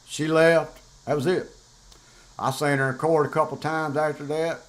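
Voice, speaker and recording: Older guy on his show, cussing a lot, just rambling through a story, voice sits a bit high. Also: flat delivery, moderate pace, low-quality recording. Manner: blunt, profane, rambling storytelling. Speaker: podcast host. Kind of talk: casual monologue.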